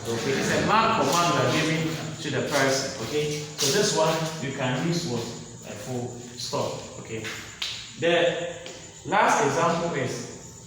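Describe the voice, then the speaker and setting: A man's voice: medium pitch, measured pace, slight background noise. A man teaching a grammar lesson in a classroom. He quizzes the class, repeats his points and often asks "okay?". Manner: repetitive, quizzing with "what?" and "okay?"; lively, voice rising sharply on example commands. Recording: roomy echo, mic far off, faint outdoor ambience.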